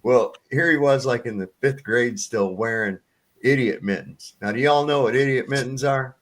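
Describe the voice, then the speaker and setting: A man's voice: mid-range voice, moderate pace, fairly bright tone. A man chatting loosely on a podcast, telling stories with laughter and swearing. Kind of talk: casual chat, storytelling.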